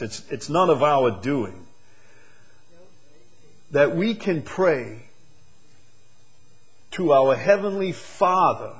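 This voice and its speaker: A man preaching a sermon as pastor, emphatic and building his points through repeated phrases. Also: mid-range voice. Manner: emphatic, repetitive preaching cadence.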